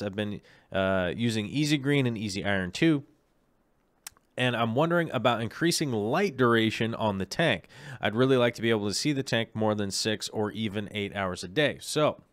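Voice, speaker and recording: A man hosts a casual live stream, talking through questions in a loose, rambling way, full of ums and self-corrections. His voice sits a little low and sounds smooth and clean. The recording is dry and close, with no room sound. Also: animated, a little fast, dry recording. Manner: rambling, many ums and restarts. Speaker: aquarium show host.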